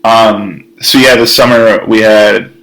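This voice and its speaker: A man co-hosting a casual chat show in a relaxed, joking way. His voice is low with plenty of gravelly fry. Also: slow pace, low-quality recording. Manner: laid-back, joking. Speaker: podcast co-host.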